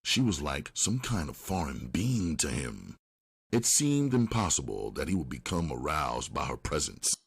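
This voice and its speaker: A man narrating an audiobook in a steady, unhurried storytelling manner. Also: rumbling low, gravelly, husky.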